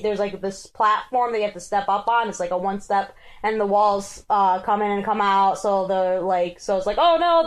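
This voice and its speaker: A young woman co-hosting a podcast, telling a story in a casual, animated way, swearing and acting out what people said. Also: mid-range voice, low-quality recording. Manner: animated, acts out quoted voices, swears. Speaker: podcast co-host.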